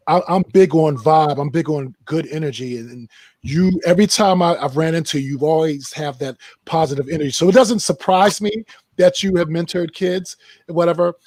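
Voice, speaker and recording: A man hosting a casual interview chat, enthusiastic and quick to exclaim in delight. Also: on the high side, a little mellow, no room sound. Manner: enthusiastic, quick to exclaim "that's dope", "wow". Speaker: podcast host.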